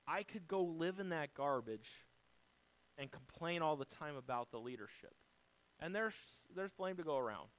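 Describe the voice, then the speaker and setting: An American pastor preaches to his congregation in a higher-than-average male voice at normal speed, with lively intonation, working through numbered points and addressing listeners directly. His dynamic delivery builds loud and then drops soft, and the recording is rough.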